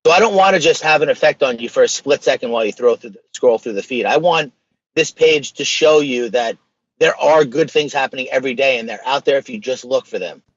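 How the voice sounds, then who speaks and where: A man with a mid-range voice, talking a little fast, appears as a podcast guest and social media page creator. He's emphatic and casual, using slang in this laid-back interview. The audio is echo-free but dull.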